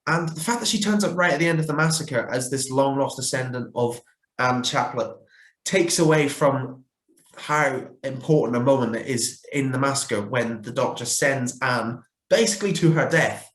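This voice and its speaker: A man talks through his rankings in a casual, opinionated way, often pausing on fillers and correcting himself mid-sentence. His voice sits at an ordinary middle pitch. The recording carries a noticeable roomy echo. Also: fairly bright tone. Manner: opinionated, chatty with frequent fillers and self-corrections. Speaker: fan reviewer ranking characters.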